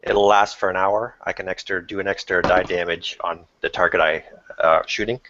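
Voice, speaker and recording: A man playing a tabletop game, speaking haltingly with many fillers. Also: deep voice, steady tone, noisy background. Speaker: player. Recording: muffled lo-fi audio.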